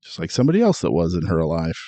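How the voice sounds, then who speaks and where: A man's voice: deep voice, huge pitch swings, fast, dark tone, no echo, lo-fi sound. A man co-hosting a casual film review podcast, laid-back with dry interjections. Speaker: podcast co-host.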